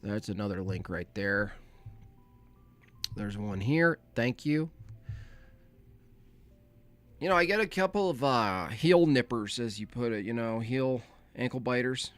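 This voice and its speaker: As he gets his call-in livestream set up, the host rambles casually and talks to himself, staying laid-back. His voice is medium-pitched and animated with a measured pace, over soft background music.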